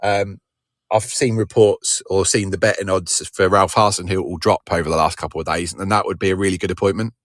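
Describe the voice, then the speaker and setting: Podcast co-host: guy, very low voice, dry close sound, rambling modest chat. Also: fairly even intonation, fairly quick, no room sound. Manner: rambling, self-deprecating, many restarts. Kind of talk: casual chat.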